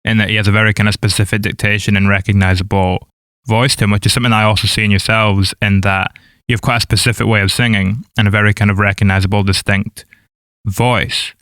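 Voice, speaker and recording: Male podcast host, low smooth voice, dry close mic, articulate interviewer. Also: level tone, fast talker, fairly bright tone, no echo.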